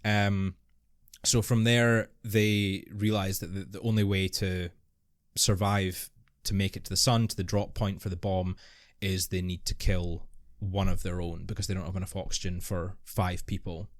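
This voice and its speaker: A man's voice: low-pitched, level tone, moderate pace, dry recording, studio quality. A man co-hosting a podcast, patiently explaining and defending a film's plot in casual chat. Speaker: podcast co-host. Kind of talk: casual film review chat.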